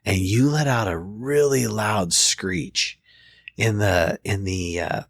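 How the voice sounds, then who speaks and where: Man in his 40s, therapist host, reflective storyteller, husky voice, dry close sound. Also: fairly low pitch, takes it slowly, no room sound. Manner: reflective storyteller, with frequent restarts. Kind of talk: casual podcast conversation.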